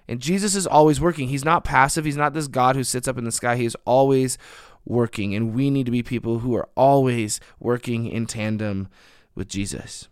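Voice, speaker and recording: A man's voice: medium pitch, clear, resonant tone, no echo, studio quality. A young man preaching a sermon, earnest and emphatic, building on repeated phrases.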